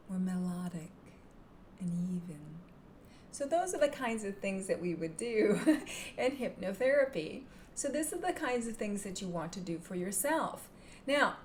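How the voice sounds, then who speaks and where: Calm woman teaching self-hypnosis. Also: mid-range voice, slight background noise. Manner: calm, gentle, drops into soft whispers to demonstrate. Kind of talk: instructional talk to camera.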